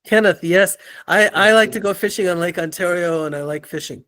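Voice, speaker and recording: An older man with a high-pitched voice tells stories as an interview guest. He is animated and acts out the people he describes. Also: a little fast. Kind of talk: storytelling in an interview.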